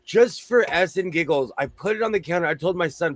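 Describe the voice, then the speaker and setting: A man's voice: on the high side, animated, brisk. A man hosting a casual chat, joking around while losing his voice. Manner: chatty, joking asides. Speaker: host.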